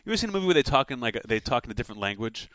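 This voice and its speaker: Fast-talking joking male co-host. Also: medium pitch, sing-song, fairly bright tone, no room sound. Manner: rambling, joking riffs. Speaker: podcast co-host. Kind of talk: casual comedic chat.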